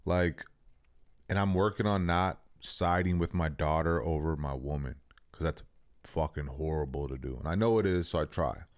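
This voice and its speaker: A man's voice: rumbling low, normal speed. A young man co-hosting a podcast, talking casually and bluntly, with a lot of swearing and emphasis. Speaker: podcast co-host.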